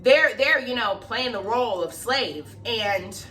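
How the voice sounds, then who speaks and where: A young woman casually telling a story to camera, animated and swearing freely as she acts out the people in it. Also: fairly high pitch, measured pace, far from the mic.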